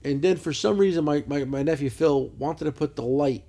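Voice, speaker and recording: Fast, profane man on a podcast. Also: a little high, warm tone. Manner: profane, rambling storyteller. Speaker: podcast host. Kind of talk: casual chat. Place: lounge, lying on a couch.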